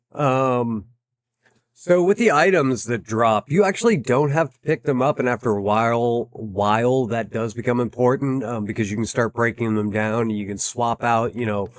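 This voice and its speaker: A man's voice: medium pitch, no echo, clean studio sound. Chatty man commentating a game. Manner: thinking aloud with many fillers and restarts. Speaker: gameplay commentator. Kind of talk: casual let's-play commentary.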